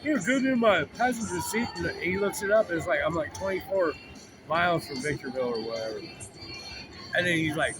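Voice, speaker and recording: A man's voice: fairly high pitch, animated, fairly quick. Rambling, profane man over music. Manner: rambling, profane, full of "like" and restarts. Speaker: vlogger. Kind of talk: rambling storytelling rant. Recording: clear music behind the voice.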